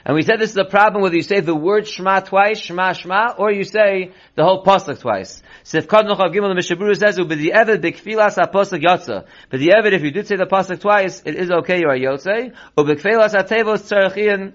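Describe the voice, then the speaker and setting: A rabbi teaching a line-by-line text study lesson, reading Hebrew slowly and then explaining it in quick English. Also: male voice, sits high, a bit bright. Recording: dull lo-fi recording.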